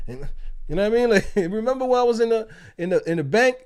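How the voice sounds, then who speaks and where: A man's voice: sits high, fairly quick. A man, hosting a casual livestream, telling stories with lots of swearing and laughter. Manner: animated, profane, laughing storyteller. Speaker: livestream host. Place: outdoors.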